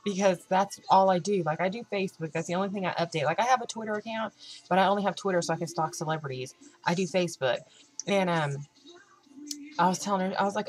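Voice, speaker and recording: A young woman chatting in her vlog, telling a story and acting out both sides of the conversation in a lively way. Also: medium pitch, fast, rough recording. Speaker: vlogger. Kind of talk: casual chat.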